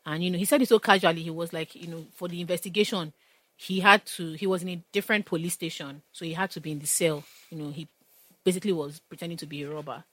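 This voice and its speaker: A young woman with a Nigerian accent talks with passion in casual conversation, sometimes voicing the people in her stories. Her voice sits a little low, and the recording is close and dry. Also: fairly even intonation, fast, no room sound. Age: young adult. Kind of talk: casual chat.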